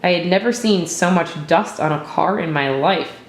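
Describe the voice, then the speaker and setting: Woman reading a story, low-ish voice, steady and thoughtful, echoey room. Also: normal speed, a little hiss or hum. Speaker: narrator.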